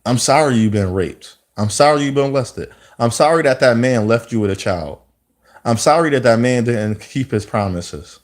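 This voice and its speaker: Man preaching at the camera, repeats himself for emphasis, regular pitch. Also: moderate pace. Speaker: speaker giving commentary. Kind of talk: impassioned monologue.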